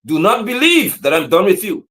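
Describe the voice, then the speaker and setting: Fiery high-voiced man. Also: big pitch swings, moderate pace. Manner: fiery, preaching, repeating slogans, sometimes shouting. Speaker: activist commentator. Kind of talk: impassioned livestream commentary.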